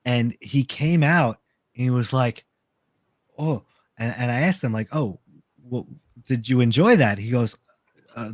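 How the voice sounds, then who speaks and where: A slightly tipsy man chatting on a podcast at a middle pitch, his voice close and dry with no room sound. He rambles, restarts and repeats words as he tells his stories. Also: measured pace, pauses often, no echo. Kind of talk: casual podcast chat.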